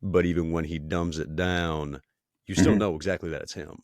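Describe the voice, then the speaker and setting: A man's voice: low-pitched, steady tone, moderate pace, darkish tone, no echo, studio quality. A man, a voice acting contestant, talking earnestly in a casual chat.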